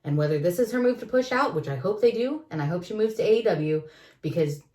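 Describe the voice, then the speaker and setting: Woman co-host, judgmental and animated, mic set back in an echoey room. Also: mid-range voice, fast talker, far from the mic. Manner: opinionated, animated ranting with laughs. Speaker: podcast co-host. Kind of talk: casual chat.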